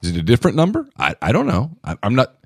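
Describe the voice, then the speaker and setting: A man's voice: medium pitch, huge pitch swings, fast, breathy edge, no echo, studio quality. A man co-hosting a sports podcast in casual chat, musing and thinking aloud with many restarts.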